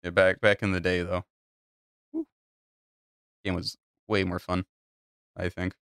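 A man's voice: low voice, level tone, a little slow, fairly bright tone, clear, resonant tone, no echo, studio quality. A man hosting a casual podcast chat with friends, rambling and swearing freely. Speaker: podcast host.

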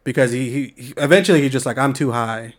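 A man's voice: mid-range voice, fast talker. A young man from the San Francisco Bay Area telling a story in a laid-back, slangy way, swearing often. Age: young adult. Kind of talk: casual storytelling chat.

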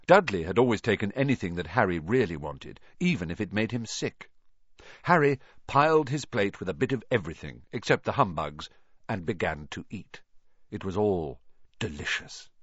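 A man narrating a storybook in an expressive reading style. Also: lowish voice, moderate pace, no echo, dull audio. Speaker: audiobook narrator. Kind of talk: scripted narration.

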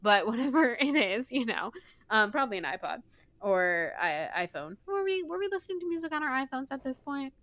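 Young woman, podcast co-host, casual, giggly recap, lots of fillers, crisp bright tone, dry close sound. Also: high-pitched, sing-song, fairly quick, dry recording. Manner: chatty, laughing, filler-heavy recap. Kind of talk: casual book-club chat.

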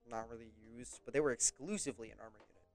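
A laid-back British guy with a medium-pitched voice talks at a quick pace as a podcast host. His casual storytelling chat rambles, is full of profanity and is punctuated by frequent laughter.

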